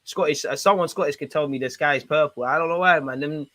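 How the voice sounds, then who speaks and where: A man with a London accent hosting a football fan channel, chatting casually and excitably with plenty of slang. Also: fairly high pitch, fast talker, no echo. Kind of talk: casual fan reaction commentary.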